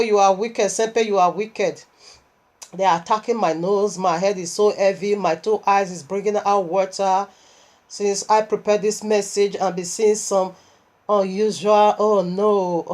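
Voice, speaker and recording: Unwell woman preaching animatedly. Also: mid-range voice. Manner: animated, emotional storytelling with laughs. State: unwell and tired. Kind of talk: sermon.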